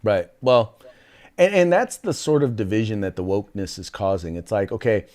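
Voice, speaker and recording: A man's voice: lowish voice, animated, moderate pace, darkish tone. Sarcastic man hosting political talk. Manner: short sarcastic agreements, loose storytelling with fillers. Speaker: host. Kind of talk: political talk show chat.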